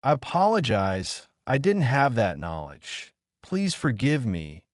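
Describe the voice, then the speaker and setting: A man voicing a soft-spoken, polite young female ninja in a fan fiction reading. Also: mid-range voice, sing-song, takes it slowly, no room sound, clean studio sound, pitched above the performer's own voice. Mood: gentle.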